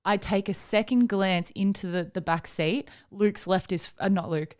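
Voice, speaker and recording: A woman's voice: mid-range voice, normal speed, darkish tone. Young aussie woman chatting on a podcast, easygoing. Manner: chatty, laughs along. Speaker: podcast co-host. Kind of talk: casual chat.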